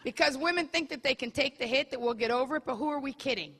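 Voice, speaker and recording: A woman's voice: sits high, quick pace, breathy edge. A woman comedian performing a bawdy stand-up set live, teasing the audience members. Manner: brash, bawdy, crowd-teasing delivery. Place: comedy club stage. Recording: live club set with loud crowd laughter and noise. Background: crowd laughing.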